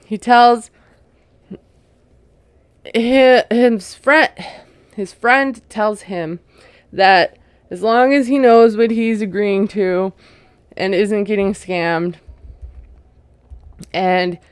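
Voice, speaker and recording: A woman talks through a reality show recap in a relaxed, chatty way, sprinkling in "like" and "you know". Her voice is smooth and clear at a mid pitch, recorded close and dry with no room sound. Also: drawn-out words, long pauses, dry recording. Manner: chatty, retelling scenes with lots of "like" and "you know"; amused, laughing at what she retells. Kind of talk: casual recap commentary.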